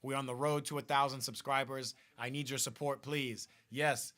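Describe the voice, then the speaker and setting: A man hosting a live football watch party, chatting excitedly to viewers, often repeating and restarting phrases. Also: mid-range voice, moderate pace. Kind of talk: casual live-stream chat.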